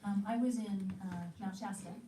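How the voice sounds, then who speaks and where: A woman teaching an audience in an animated way, telling stories and acting out the inner voices she hears. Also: medium pitch, normal speed, far from the mic. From from another country. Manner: storytelling, acts out inner voices. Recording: roomy hall, speaker off-mic, faint hiss.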